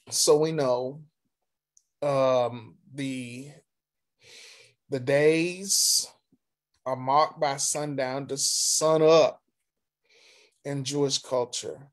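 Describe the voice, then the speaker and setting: A male pastor teaches a Sunday school Bible lesson, reading scripture aloud and explaining it deliberately, haltingly, with pauses and restarts. His voice is mid-range with fairly even intonation.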